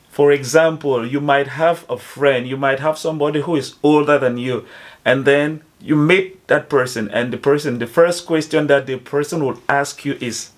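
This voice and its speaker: A man explaining phrases to foreigners in a slow, careful teaching manner, spelling out each example. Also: medium pitch. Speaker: language teacher.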